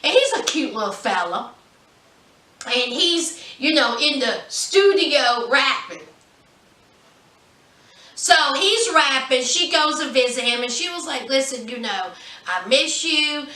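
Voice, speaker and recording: A woman's voice: sits high, animated, slow, pauses often, sharp tone, distant mic. A woman giving a casual recap of a reality show episode in a sassy, gossipy storytelling manner, with drawled asides. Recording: echoey room, mic set back.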